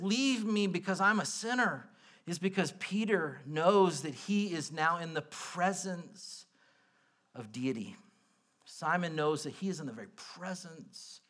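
Bright high-voiced male preacher. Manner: conversational, animated preaching with asides and quick bursts. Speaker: pastor. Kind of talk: sermon.

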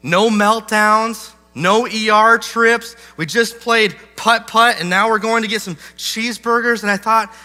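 A man in his thirties, a pastor telling a funny family story in a sermon, self-deprecating and animated. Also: high-pitched, measured pace, few pauses. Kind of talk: sermon illustration with humor. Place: large church hall. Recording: hall reverb with faint music.

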